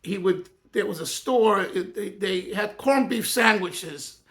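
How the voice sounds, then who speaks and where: Earnest high-voiced older New man. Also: a bit bright. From United States. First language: Yiddish. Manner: earnest, halting, with frequent restarts and Hebrew-Yiddish terms. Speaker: rabbi giving a personal talk. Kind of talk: personal reminiscence talk.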